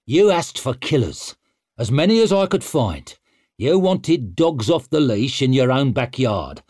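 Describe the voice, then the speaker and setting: A man's voice: mid-range voice, very animated, measured pace, a little mellow, breathy edge, no room sound, studio quality, voice pushed up. A man voicing a wild, menacing young barbarian king who talks in a sneering, mocking manner.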